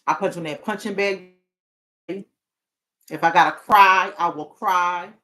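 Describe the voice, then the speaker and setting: A woman's voice: fairly low pitch, steady tone, measured pace, bright, forceful tone. A woman hosting a talk show as a therapist, speaking earnestly in a casual, heartfelt way. She often restarts her sentences and breaks into laughter.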